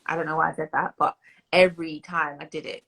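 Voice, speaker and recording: Speaking fast in a low, level, creaky voice that is a bit bright and slightly rough, a British woman in her twenties answers questions as an interview guest. She is reflective, full of fillers and restarts, and laughs while telling stories. The audio is poor.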